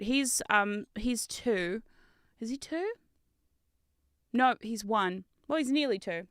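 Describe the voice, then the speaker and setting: A woman's voice: a little high, lively intonation, takes it slowly, pauses often, no echo, studio quality. A young woman chatting casually as she streams, telling rambling stories with fillers and laughs. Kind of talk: casual chat while building.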